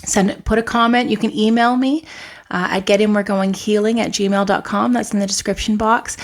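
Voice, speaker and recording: A woman from Canada giving an excitable, emotional tarot pick-a-card reading. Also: mid-range voice, moderate pace. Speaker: tarot reader.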